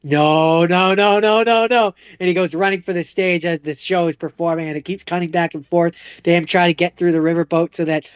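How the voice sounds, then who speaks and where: A man's voice: on the high side, flat delivery, fast talker, hardly any pauses, clear, resonant tone, dry recording, lo-fi sound. A man co-hosting a podcast, casually retelling a movie plot in a rambling way and acting out the characters' lines. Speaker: podcast co-host.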